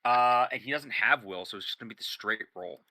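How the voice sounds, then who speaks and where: Bright-voiced man running a tabletop game. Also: mid-range voice, a little fast. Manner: thinks aloud, explains rules in detail. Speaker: game master. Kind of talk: narrating and ruling a tabletop game.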